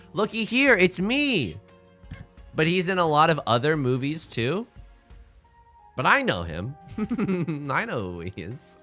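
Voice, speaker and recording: A young man with a bright, lively voice chats loosely while playing, wandering off into silly tangents and jokes. His pitch swings widely, and soft game music plays behind him. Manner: rambling, goofy, jokey asides. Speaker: streamer. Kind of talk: casual game commentary.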